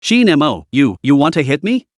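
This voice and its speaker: An indignant spoiled young woman, read by a man with a lively, rising and falling pitch and a fairly high voice. The sound is close and dry, with no room around it. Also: normal speed, no echo.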